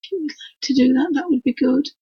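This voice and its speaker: Speaking quickly in a high, hoarse and croaky voice, a Yorkshire craft tutor rambles homely chatter to her dog and her viewers during a live painting stream from her home desk. The recording, made on a computer mic for the stream, is dry, dull and lo-fi.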